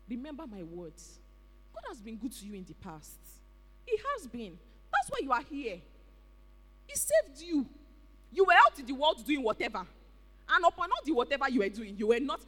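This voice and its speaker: Nigerian preacher, voice swings all over, bright, lots of ah ah and sef, echoey church. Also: medium pitch. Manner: animated, exclamatory, with pidgin interjections. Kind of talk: sermon. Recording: reverberant hall.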